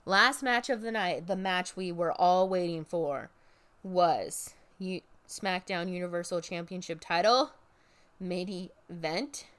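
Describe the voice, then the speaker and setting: A woman's voice: fairly low pitch, slow pace, a bit bright. A woman telling a casual, profane story about a live event, full of fillers and acted-out quotes. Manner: chatty, profane, filler-heavy, acts out quotes. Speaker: podcast host recapping a wrestling event.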